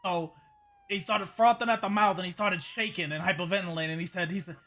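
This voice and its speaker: A man with a high, bright voice recounts an encounter in character during a roleplay. He rambles, stammers and repeats words as he tells it. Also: steady tone, fast talker. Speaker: roleplay character giving a statement. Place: game voice chat.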